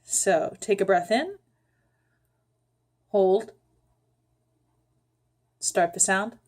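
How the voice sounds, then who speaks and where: Woman voice teacher, calm and slow, walks you through breathing step by step, lots of ums. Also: medium pitch. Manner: calm, unhurried, frequent ums, guides the listener step by step. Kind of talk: vocal instruction with sung demonstrations.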